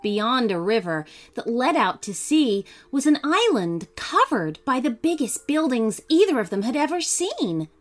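Lively woman reading a bedtime story. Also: fairly high pitch, unhurried, hardly any pauses. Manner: gentle, animated voices for each character. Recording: faint music behind.

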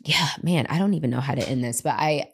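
A woman's voice: deep voice, fast talker, breathy edge. A young adult woman hosting a podcast, talking in a heartfelt, effusive way that often repeats and restarts phrases. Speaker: podcast host. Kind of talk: heartfelt casual conversation.

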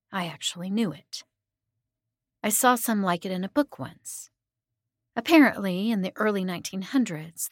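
Woman horror narrator, slow and breathy, hushed, dry close mic. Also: medium pitch, no room sound. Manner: hushed, drops to whispers at tense moments.

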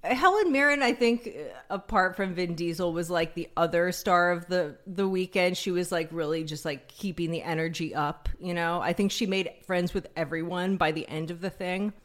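A woman's voice: fairly low pitch, steady tone, moderate pace, few pauses. A woman co-hosting a podcast in casual chat, dry and witty, with lots of "like" fillers. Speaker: podcast co-host.

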